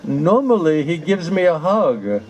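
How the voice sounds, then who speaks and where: Slow, higher-voiced man telling a funny story. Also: big pitch swings, muffled recording, a crowd in the background. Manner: slow, drawn-out delivery with laughter, mock-pleading repetitions. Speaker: storyteller to an audience. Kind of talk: humorous anecdote telling.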